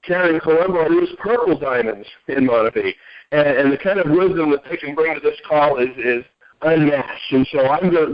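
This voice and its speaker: A man hosting a conference call, talking in an upbeat way and often restarting his sentences. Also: a little high. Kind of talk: enthusiastic conference call talk. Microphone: telephone. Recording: lo-fi phone line.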